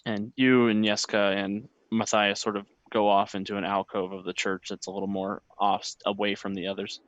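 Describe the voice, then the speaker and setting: A man narrating as game master of a tabletop role-playing game, relaxed, with many fillers. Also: lowish voice, normal speed, dry recording, highs cut off.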